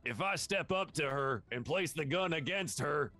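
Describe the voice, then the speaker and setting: A man playing in a tabletop game, animated, laughing and swearing. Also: on the high side, normal speed, soft background music. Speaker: player.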